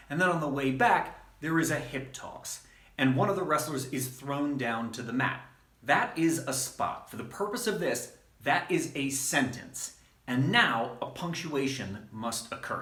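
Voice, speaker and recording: Male wrestling coach, mid-high voice with animated pitch, teaching in an echoey room. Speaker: wrestling trainer. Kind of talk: instructional talk to camera. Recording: roomy echo.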